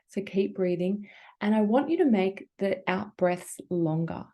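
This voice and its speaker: An Australian woman leading a breathing workshop as a yoga teacher, guiding gently and encouragingly in a casual, chatty way. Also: medium pitch, expressive, normal speed. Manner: gentle, encouraging, casual filler-heavy guidance.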